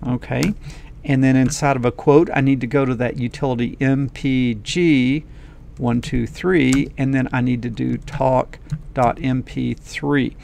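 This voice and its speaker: Man with a gravelly voice, friendly coding teacher addressing viewers directly, casual and upbeat. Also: medium pitch, fairly even intonation, a little slow, darkish tone, a little hiss or hum. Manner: folksy, enthusiastic, talks straight to viewers. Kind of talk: casual screen-recorded lesson.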